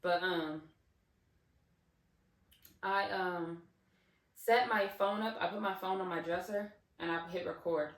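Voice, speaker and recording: A woman's voice: fairly low pitch, steady tone, slow, pauses often, distant mic. Woman rambling in an echoey room. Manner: rambling, many fillers and restarts. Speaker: vlogger. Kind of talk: casual storytime.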